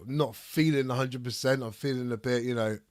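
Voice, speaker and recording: Sick guy w raspy throat, rambly stream chat, dry close sound. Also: medium pitch, fairly even intonation, normal speed, no echo. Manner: reads chat aloud, rambling and swearing. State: ill with a cold, raspy throat. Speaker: streamer hosting a debate. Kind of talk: casual live-stream chat.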